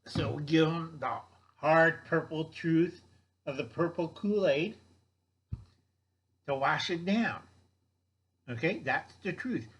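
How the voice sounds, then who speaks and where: An older man lectures bluntly on survival gardening, his voice sitting a bit higher than most men's. He rambles, repeats himself and keeps checking that his listeners follow. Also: slow pace, pauses often. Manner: blunt, lecturing, repeats "okay?" and mocks others in put-on voices. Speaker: survival vlogger. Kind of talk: rambling instructional monologue.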